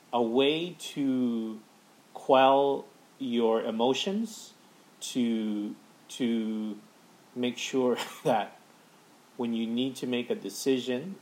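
Slow, calm man guiding a breathing practice. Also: medium pitch, low-quality recording. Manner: slow, calm, halting with fillers. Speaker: podcast guest. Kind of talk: guided practice tip.

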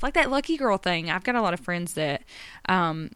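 A woman's voice: fairly low pitch, lively intonation, normal speed, a bit bright, clean tone, no echo. A woman, talking emotionally and rambling about her day as a podcast host. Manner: emotional, rambling, addresses listeners directly. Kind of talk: personal confessional chat.

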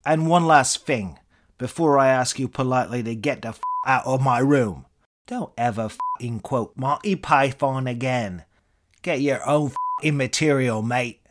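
A man voicing an enraged, crude middle-aged British comedian with an English accent, shouting and sneering. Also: medium pitch, a little slow, pitched above the performer's own voice, natural voice. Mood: ranting.

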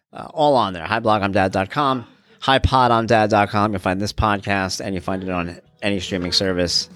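A man's voice: on the low side, fairly bright tone. A middle-aged man hosting a podcast, talking in a casual, rambling, affectionate way and often breaking off mid-sentence. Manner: rambling, fond and self-interrupting. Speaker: podcast host. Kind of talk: casual solo podcast talk.

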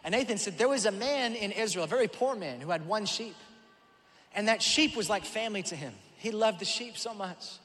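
A male pastor preaching a sermon, telling the story in an animated way and acting out voices. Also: high-pitched, brisk, in a large hall. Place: church auditorium.

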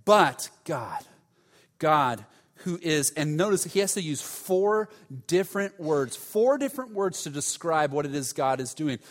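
A man's voice: a little high, sing-song, unhurried, long reverb tail. A male pastor preaching a sermon in an emphatic, conversational way, stressing key words by repeating them.

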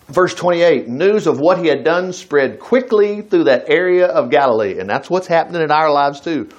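A man's voice: a little high, expressive, moderate pace, hardly any pauses, highs cut off. A man preaching a conversational sermon, reading scripture aloud and breaking off into chatty, folksy asides.

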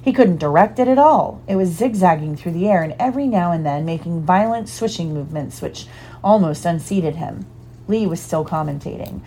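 A woman giving a lively, expressive storybook narration. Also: on the low side, moderate pace, slight background noise. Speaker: audiobook reader.

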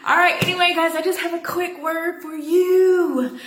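A woman teaching a Bible passage in a chatty, animated way, calling her listeners y'all. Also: very high voice, moderate pace, echoey room.

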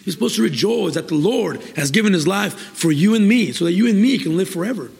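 A male preacher with a high, lively voice and a gravelly edge delivers an exuberant sermon. He laughs and calls out praise between points, then reads scripture with slow care. The sound rings with long reverb, like a big hall. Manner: reads scripture slowly and deliberately.

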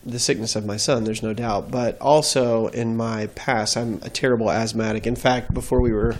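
A man speaks as a guest in an interview. He talks earnestly and reflectively, with a mid-pitched voice, recorded on a studio mic. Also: fairly even intonation, normal speed. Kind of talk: faith interview storytelling.

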